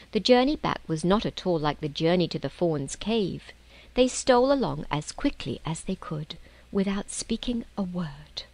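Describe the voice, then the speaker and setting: Expressive woman narrating a storybook. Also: fairly low pitch, creaky, no echo, rough recording. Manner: expressive, slowing to soft whispers in tense passages. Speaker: audiobook narrator.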